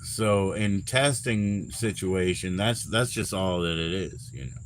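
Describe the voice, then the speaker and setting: A man's voice: measured pace, a little hiss or hum. Rambling, foul-mouthed man in his forties. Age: 40s. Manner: rambling, profane, trails off into low mumbles. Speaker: livestream host. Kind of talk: casual livestream chat.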